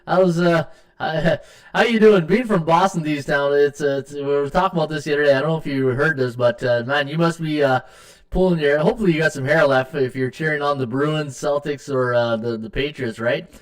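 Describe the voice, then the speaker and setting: A man's voice: a little high, fairly quick. A middle-aged man hosts a live sports betting podcast, rambling with many fillers and reading viewer comments aloud. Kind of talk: casual live-stream chat.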